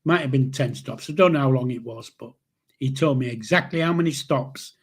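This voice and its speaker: A man in his seventies from Yorkshire hosts a channel and tells a meandering personal anecdote in a casual way, cursing freely and restarting sentences. He talks a little fast, in a medium pitch with a breathy edge.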